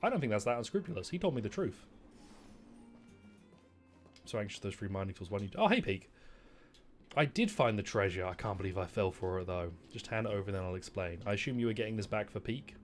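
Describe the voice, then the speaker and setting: A man's voice: on the low side, very animated, fast talker, pauses often, faint music behind. A British man casually commentating a video game, wryly reading dialogue aloud with mock indignation. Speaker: gaming streamer.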